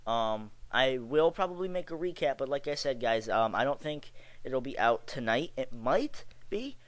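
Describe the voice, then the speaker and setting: A man's voice: mid-range voice, moderate pace, clean tone, no echo, low-quality recording. A young man from Chicago giving a rambling, exasperated and sarcastic casual rant about wrestling, full of fillers and restarts. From Chicago area. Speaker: wrestling vlogger.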